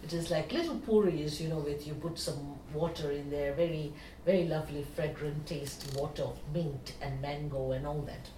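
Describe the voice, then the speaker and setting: Animated woman, echoey room. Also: low-pitched, normal speed, few pauses. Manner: animated, frequent "you know" fillers. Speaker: meditation teacher. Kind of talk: spiritual storytelling talk. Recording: echoey room, distant mic, faint hiss.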